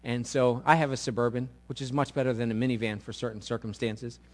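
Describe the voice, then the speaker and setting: A middle-aged man preaching a sermon as a pastor, telling a story with big loud peaks and quiet, intimate low passages. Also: flat delivery, fast.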